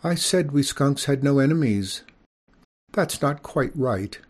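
A man's voice: mid-range voice, lively intonation, unhurried, a little mellow, husky. A man reading an audiobook, voicing a prim, genteel widowed mother skunk who lectures in a proper manner. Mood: gentle.

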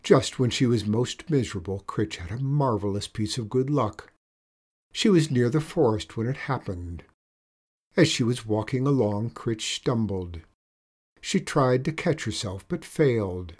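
A man reading a children's story aloud in a steady, measured way. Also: mid-range voice, husky.

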